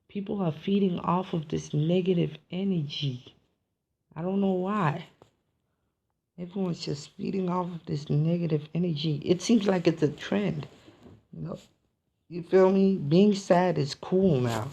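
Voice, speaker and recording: A man's voice: a little high, takes it slowly, creaky, long pauses, warm tone. A man vlogging in a casual, rambling monologue, musing philosophically and often checking in with his listeners. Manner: rambling, philosophical, peppered with "you feel me" and "man".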